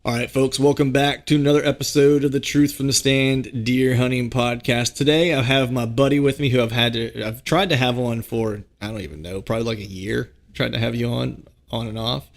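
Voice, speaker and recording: Laid-back gravelly male podcast host. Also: medium pitch, fairly even intonation, a little fast, few pauses. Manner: easygoing, laughs often, restarts phrases. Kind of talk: casual podcast chat and read ads.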